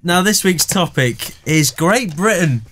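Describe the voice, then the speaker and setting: A man's voice: high voice, lively intonation, unhurried, background noise. A young man hosting a casual comedy podcast, telling dry, self-mocking stories. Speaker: podcast host.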